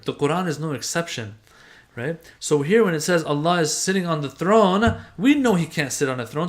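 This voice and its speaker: Male religious teacher, slightly higher voice, talky classroom explainer who reads then unpacks. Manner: conversational, reads passages aloud then unpacks them with everyday examples. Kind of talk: explaining a doctrine text to a class.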